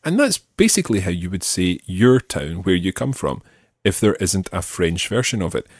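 A man teaching a French lesson, explaining and slowly modelling phrases for learners to repeat. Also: low-pitched, sing-song, husky, dry recording, clean studio sound. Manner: slow, careful modelling of phrases. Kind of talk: audio language lesson.

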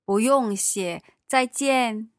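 A woman's voice: fairly high pitch, slow pace, dry recording, studio quality. Woman playing a friendly conference visitor.

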